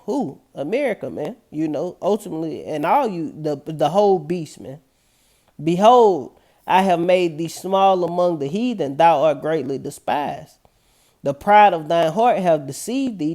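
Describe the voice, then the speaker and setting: A man's voice: a little high, darkish tone. Man casually reading scripture with profane commentary. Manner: reads verses slowly then riffs loosely; profane, streetwise slang. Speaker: scripture teacher.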